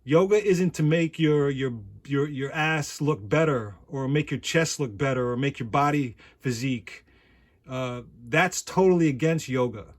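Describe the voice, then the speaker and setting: A man vlogging in a casual monologue, rambling and repeating words, often laughing. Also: a little high.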